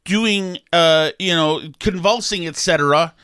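A man's voice: on the high side, unhurried, sharp tone, clear, resonant tone, dry recording, clean studio sound. A middle-aged man hosting a podcast, telling a rambling, jokey story with many restarts in casual chat. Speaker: podcast host.

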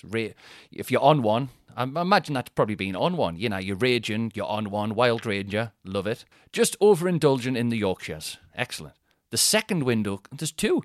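A man's voice: medium pitch, no room sound. Chatty man, dry studio sound. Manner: chatty, self-deprecating, animated impressions. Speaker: podcast host. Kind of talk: casual comedic monologue.

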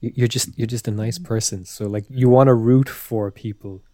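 A man's voice: medium pitch, steady tone, moderate pace, crowd noise. A man in casual podcast talk, blunt, swearing, often restarting his sentences. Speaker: podcast co-host. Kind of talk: casual chat.

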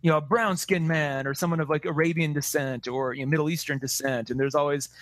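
Fast-talking rambling podcast guy. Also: on the high side, dry recording. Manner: rapid, rambling, animated with many restarts. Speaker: podcast co-host. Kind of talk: casual chat about movies.

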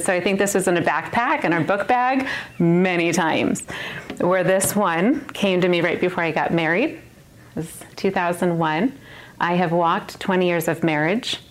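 A woman in her thirties giving a personal testimony to a women's Bible study, earnest and emphatic, often laughing at herself. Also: fairly low pitch.

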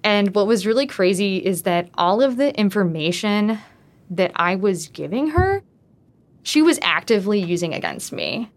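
A woman's voice: mid-range voice, animated, normal speed. A woman casually telling her own true story, talking in a loose way with frequent "like" fillers.

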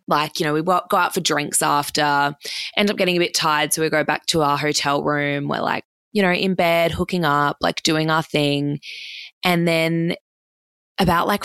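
A woman's voice: deep voice, gravelly, a bit bright, clean tone, no room sound. A young Australian woman casually telling a dating story, chatty and swearing freely, full of "like" and acted-out quotes.

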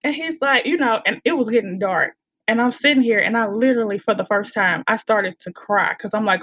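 A woman tells stories in a casual podcast chat, animated and quick to laugh. Her voice sits a little high. The sound is dry and a bit dull, like a lo-fi recording. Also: no echo. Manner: animated storyteller, laughs often. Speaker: guest.

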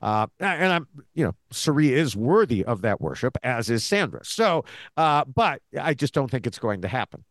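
A man's voice: medium pitch, moderate pace, no echo, clean studio sound. A man co-hosting a TV recap podcast in casual chat, rambling and trailing off in fillers. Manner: chatty, animated, trails off in fillers. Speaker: podcast co-host.

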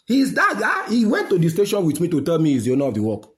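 A man's voice: fairly high pitch, huge pitch swings, fast talker. A man with a Nigerian accent delivering a heated, repetitive monologue to his listeners, slipping into pidgin and Yoruba. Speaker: website founder addressing listeners.

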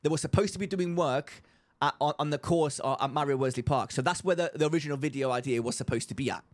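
Talking fast in a slightly high voice, a young man co-hosting a podcast recounts a story casually. He brings quotes to life, playing the voices of the people involved.

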